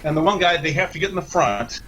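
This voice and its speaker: A man's voice: a little high, lively intonation, fast, fairly bright tone, slightly rough, rough recording. A man, a podcast guest, telling a long, profane story in a rambling, casual way, with many restarts.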